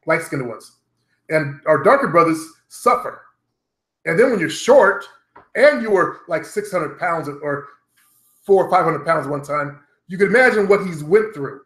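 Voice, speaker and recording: A man's voice: fairly high pitch, expressive, unhurried, a bit bright. A middle-aged man vlogging at home, talking bluntly and profanely straight to his viewers in a loose, rambling monologue. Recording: roomy echo.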